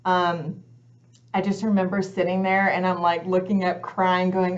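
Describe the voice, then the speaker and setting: A woman's voice: fairly low pitch, completely flat delivery, measured pace. A woman, a guest coach on a talk show, telling her personal story in earnest and acting out her own past thoughts as she goes. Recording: slightly muffled lo-fi audio.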